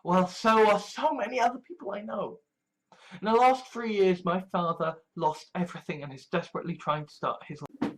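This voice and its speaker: A man's voice: high-pitched, a bit bright. A man ranting in a blunt, emotional monologue, swearing freely as an online preacher.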